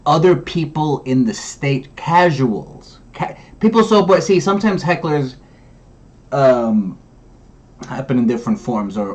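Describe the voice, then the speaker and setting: A man hosting, giving wry, rambling commentary on a stand-up comedy set. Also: mid-range voice. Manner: wry, rambling, drawn-out remarks. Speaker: commentary host.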